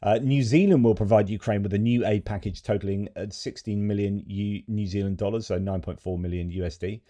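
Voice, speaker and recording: A man's voice: on the low side, fairly even intonation, brisk, mellow. A man giving casual video commentary as a military news commentator, chatty and digressive with frequent fillers.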